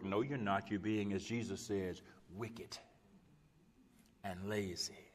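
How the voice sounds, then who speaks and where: A man preaching a sermon as a pastor, impassioned, with repeated rhetorical phrases that swing from loud urgent peaks to hushed low drops. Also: fairly even intonation, slow pace. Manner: repetitive rhetorical cadence. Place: church sanctuary. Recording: long church reverb.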